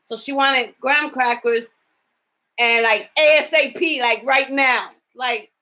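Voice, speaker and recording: A woman's voice: high voice, measured pace, sharp tone, rough recording. A woman caregiver talking in a casual video diary. She is tired from lack of sleep and talks bluntly, swearing freely as she vents. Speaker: home caregiver.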